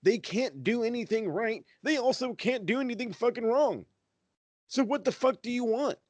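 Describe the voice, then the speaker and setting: A man's voice: very high voice, lively intonation, normal speed, darkish tone, dry recording. A man co-hosting a wrestling podcast, ranting in a heated, profane, sarcastic way. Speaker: podcast co-host.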